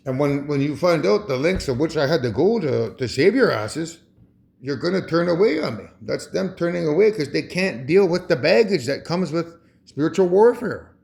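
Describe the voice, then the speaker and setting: A man holds forth in a loose, rambling monologue, often breaking into chuckles and restarting his sentences. His voice sits a little high for a man and swings widely up and down as he talks. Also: animated, moderate pace, gravelly, a little mellow. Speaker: vlogger.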